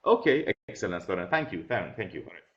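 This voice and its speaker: A patient male English teacher gives an online class over a video call, slowly repeating his questions and instructions. His deep voice swings widely in pitch and has a fairly bright tone. The computer mic produces dull, lo-fi call audio.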